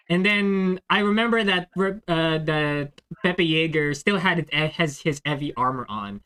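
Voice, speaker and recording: A man's voice: a little high, expressive, moderate pace, few pauses, sharp tone, smooth. A man, host and dungeon master, chatting casually with friends and telling a game story, often restarting sentences. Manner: rambling, restarting sentences, many fillers. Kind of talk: casual chat among friends.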